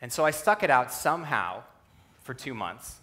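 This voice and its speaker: A young man giving a talk on a stage, telling a personal story with humor and an animated delivery. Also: normal speed. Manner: animated, humorous, acts out quotes in a lowered voice. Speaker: speaker at a youth conference talk. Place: stage before a live audience.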